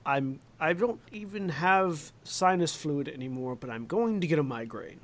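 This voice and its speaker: A man plays his part in a tabletop game, wry and a little exasperated. His voice sits on the high side for a man. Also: expressive, moderate pace, background noise. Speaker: player.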